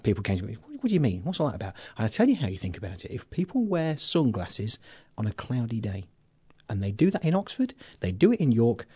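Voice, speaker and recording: A male podcast host from England talks in a jokey, rambling way, full of fillers. His voice is mellow and a little husky, and his pitch swings a lot. It sounds close and dry. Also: no echo. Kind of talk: casual chat.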